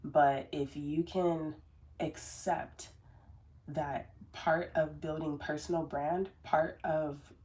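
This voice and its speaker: In a deep, warm voice with fairly even intonation, a woman takes her time. As a business coach she delivers a casual motivational talk to camera, earnest and rambling, with many fillers and restarts. She calls herself very sensitive.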